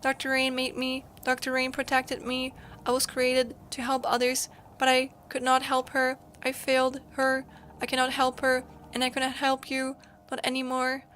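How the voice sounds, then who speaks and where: A woman's voice: sits high, completely flat delivery, a bit bright. A woman reading as a grieving, formal robot. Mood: despairing. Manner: halting, repetitive robotic statements. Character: grieving robot built to help, flat and formal.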